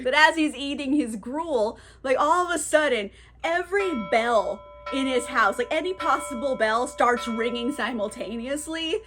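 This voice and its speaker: A woman's voice: sits high, lively intonation, moderate pace, fairly bright tone, faint music behind. A woman recapping a classic novel for her book vlog in a chatty, filler-heavy, swearing manner. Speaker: book vlogger.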